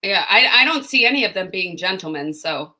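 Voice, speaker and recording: Blunt older woman with a bright voice. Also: mid-range voice, expressive, fairly quick, slight background noise. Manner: blunt, indignant, wry. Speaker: retired nurse, co-host of a livestream. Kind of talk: casual chat.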